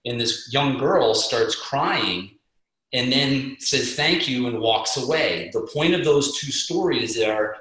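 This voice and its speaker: A middle-aged man telling motivational stories on a conference call, energetic and acting out what people said. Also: medium pitch. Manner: energetic, motivational, acts out quotes. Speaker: guest speaker and fitness coach. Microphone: video call. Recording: very echoey call audio.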